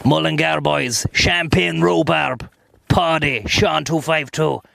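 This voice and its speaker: Irish male streamer, raspy fry-heavy voice pitched a bit high, loose and sweary, talks from the driver's seat. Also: fairly even intonation, takes it slowly, fairly bright tone. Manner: rambling, profane banter. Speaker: livestreamer. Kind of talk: casual chat while driving. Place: in a car.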